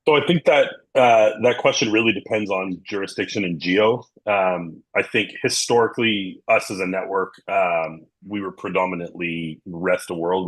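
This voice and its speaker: Brief: man, very deep, husky voice, business panelist on a video call, steady with lots of "uh"s. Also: poor audio. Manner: businesslike, many fillers. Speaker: panelist, managing director. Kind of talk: panel discussion.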